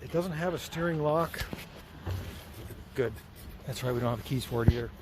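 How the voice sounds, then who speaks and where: A middle-aged American mechanic hosts a casual vlog from his auto repair shop, chatting in a friendly way as he explains each step of the job. His voice is medium in pitch, his pace moderate, and the background is noisy.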